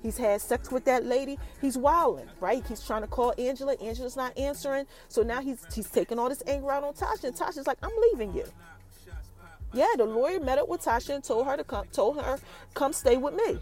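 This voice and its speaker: Woman podcast host, casual chatty recap, animated, fairly high voice, faint music behind. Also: a little fast. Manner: animated, addresses listeners directly as y'all. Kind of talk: casual chat. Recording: light background music.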